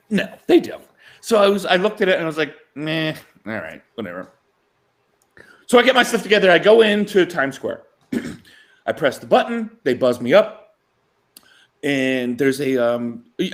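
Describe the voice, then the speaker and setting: Man chuckling through a story. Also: a little high. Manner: animated anecdote-telling, chuckling mid-sentence. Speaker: sports show co-host. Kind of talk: casual storytelling chat.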